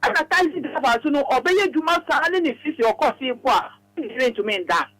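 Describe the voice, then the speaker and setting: A woman with a Ghanaian accent calling in to a radio show, rambling quickly in a mix of Twi and English. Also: high-pitched, animated, a bit bright, dry recording, low-quality recording. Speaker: radio caller. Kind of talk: phone-in talk.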